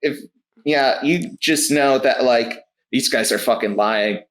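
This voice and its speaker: A man running a tabletop game, narrating casually and haltingly with many fillers. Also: mid-range voice, fairly bright tone, rough recording. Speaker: game master.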